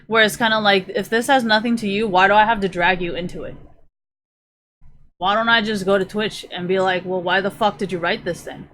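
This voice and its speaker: A woman's voice: medium pitch, fairly bright tone, slight background noise. A woman streamer ranting to her live chat, profane and rambling, sometimes drifting away from the mic as she browses.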